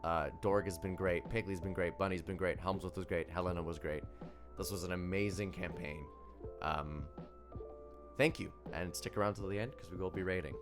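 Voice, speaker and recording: A man's voice: deep voice, fairly even intonation, normal speed. A young man acting as game master, thanking his players and viewers in a rambling, upbeat way with faint music behind him. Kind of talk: closing thanks on a live stream.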